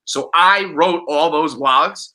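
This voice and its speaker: A man, co-hosting a casual podcast chat in a brash, profane, animated way. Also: a little high, slow, poor audio. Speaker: podcast co-host.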